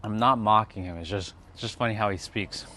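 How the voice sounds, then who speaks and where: A man's voice: fairly low pitch, brisk, pushed and bright, slight background noise. A man talking loosely in a casual vlog, meandering with many fillers, outdoors on a hot day. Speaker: spiritual vlogger.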